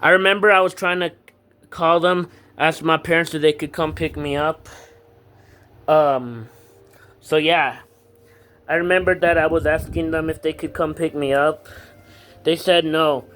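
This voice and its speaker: A man's voice: fairly high pitch, steady tone, unhurried, long pauses, fairly bright tone. A teenage boy telling a personal story to camera in a casual vlog, rambling with lots of fillers and blunt swearing. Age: teens. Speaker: vlogger.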